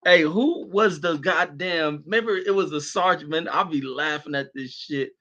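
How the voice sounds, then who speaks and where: A man's voice: on the high side, moderate pace, a bit bright, highs cut off. A man reminiscing loosely and profanely in casual chat.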